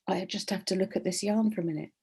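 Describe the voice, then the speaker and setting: A woman's voice: medium pitch, fairly even intonation, fast talker, darkish tone, slightly rough. A woman hosting a casual craft livestream from home, chatting in a rambling, cheerful way over a video call. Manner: chatty, rambling, laughs often. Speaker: livestream host. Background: dog.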